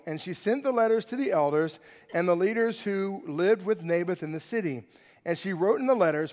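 A pastor preaching a sermon and reading scripture, acting out the characters with animated voices. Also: male voice, high-pitched, big-room sound.

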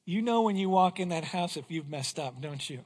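A man with a fairly high voice preaches a sermon, reading scripture with earnest, rising emphasis. His voice rings out with a long reverb in a church sanctuary. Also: animated, brisk. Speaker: pastor.

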